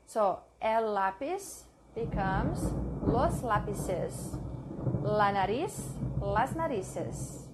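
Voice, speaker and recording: A woman reading her study notes aloud, drilling words slowly and stopping to correct her own mix-ups. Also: mid-range voice, animated, very noisy. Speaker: language learner sharing study notes. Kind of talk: slow read-aloud study session.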